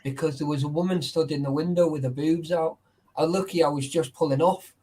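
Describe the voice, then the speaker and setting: A man on a casual stream chat with a slightly raised pitch, telling blunt anecdotes. He swears freely and keeps checking in with "right?" as he goes. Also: fairly even intonation, a little fast, dark tone, a little hiss or hum. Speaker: guest on a livestream.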